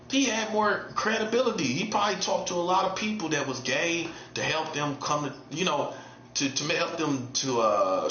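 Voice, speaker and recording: A man talks in a casual, emphatic monologue, repeating points in street slang. His voice sits fairly high and sounds bright and forceful. The recording is echoey and a little dull. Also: a little hiss or hum. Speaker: online preacher.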